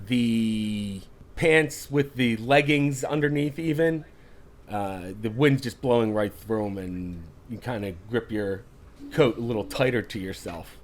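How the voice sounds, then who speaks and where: A man running a tabletop horror game as game master, narrating casually with lots of fillers. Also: medium pitch. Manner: casual, halting, with many fillers.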